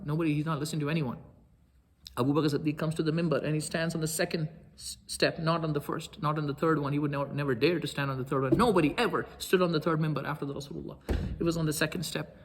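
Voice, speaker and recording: A man telling a story in a lecture, animated, acting out quoted speech with sudden loud outbursts. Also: a little high. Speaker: Islamic lecturer.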